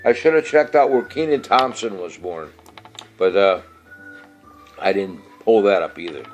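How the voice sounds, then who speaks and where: Rambling middle-aged host, low voice. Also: male voice, measured pace, lo-fi sound, faint music behind. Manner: rambling, many fillers and restarts. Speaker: radio-style show host. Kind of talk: casual rambling show chat.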